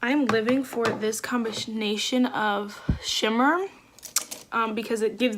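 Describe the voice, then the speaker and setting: A woman's voice: fairly high pitch, unhurried, noisy background. A woman beauty vlogger chatting through a makeup tutorial at home, gushing and effusive, with lots of fillers. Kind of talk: casual makeup tutorial chat.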